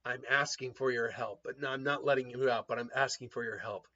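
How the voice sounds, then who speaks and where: A man voicing a quiet, earnest young male ninja who speaks softly and low. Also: fairly even intonation, brisk, highs cut off. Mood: pleading.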